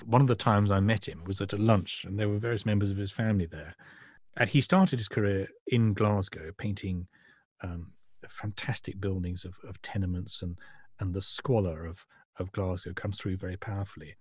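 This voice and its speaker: A man co-hosting a podcast, talking about art in a thoughtful, halting way with many restarts and a husky voice. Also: deep voice, fairly even intonation, a little mellow, no room sound, studio quality. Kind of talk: casual chat about art.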